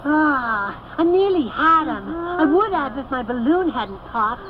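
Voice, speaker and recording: A woman voicing an adventurous young child in a children's TV puppet show, excited and breathless. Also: high-pitched, measured pace, background noise. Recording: tinny phone-like sound with music.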